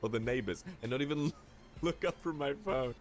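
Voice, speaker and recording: A man's voice: mid-range voice, normal speed. A man narrating short comedy clips in a dry, scripted storytelling delivery.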